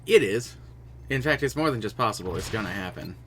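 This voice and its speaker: A young man commentating casually on a live game stream, excitable and quick to swear and laugh. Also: fairly low pitch. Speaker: streamer playing a video game.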